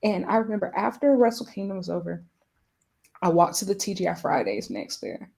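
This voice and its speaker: A woman hosting a casual chat, talking emphatically and getting excited. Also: fairly low pitch, a little fast, gravelly. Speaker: host.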